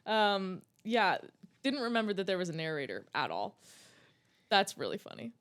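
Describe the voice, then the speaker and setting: A woman in casual podcast conversation, gushing about scripts and scenes. She talks eagerly, full of "like"s and laughs, at a middle pitch. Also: very animated, normal speed, fairly bright tone, smooth. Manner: enthusiastic, laughing, fillers like "like". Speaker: podcast co-host. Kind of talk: casual movie podcast chat.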